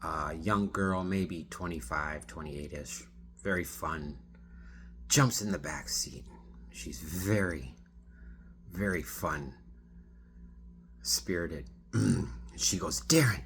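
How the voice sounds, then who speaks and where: A man who drives for a ride app telling a story in a rambling, casual way, often clearing his throat. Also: rumbling low, slow pace, pauses often, a bit bright, a little hiss or hum. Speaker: rideshare driver.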